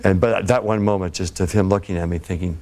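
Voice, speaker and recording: Low-voiced guy on a tv talk show, rambling and laughing through old stories. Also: fairly even intonation, fast, a little mellow. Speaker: guest. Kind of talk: casual anecdote telling. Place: TV studio.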